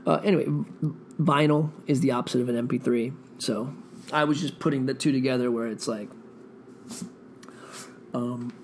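A man's voice: mid-range voice, fairly even intonation, moderate pace, long pauses, a little hiss or hum. A man rambling through a profane, meandering solo monologue, thinking aloud as a podcast host.

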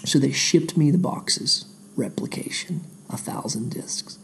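Gravelly man rambling through old stories. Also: fairly high pitch, lively intonation, a little slow, a bit bright, in a whisper. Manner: digressive, self-deprecating, many restarts. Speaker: independent musician. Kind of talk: rambling casual monologue.

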